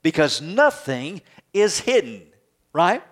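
A male pastor preaching a sermon to his congregation, lively and conversational, often checking in with rhetorical questions. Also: fairly high pitch, slow pace. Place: church service with congregation.

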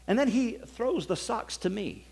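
A man preaching a sermon, telling his own testimony with swings from hushed to loud, exclaiming passages. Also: high-pitched, lively intonation, a little slow, creaky, husky.

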